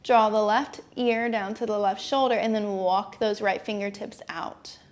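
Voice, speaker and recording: A young adult woman teaching a gentle yoga class, giving calm, encouraging step-by-step cues. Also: medium pitch, a little slow. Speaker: yoga instructor.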